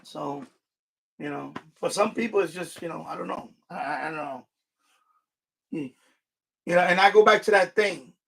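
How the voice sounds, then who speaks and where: A man's voice: a little high, moderate pace, vocal fry, pauses often, a bit bright, breathy edge. A man hosting a casual live stream. He rambles, restarts his sentences and swears now and then at his equipment. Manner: rambling, frustrated asides and mild swearing; repeats himself and restarts sentences.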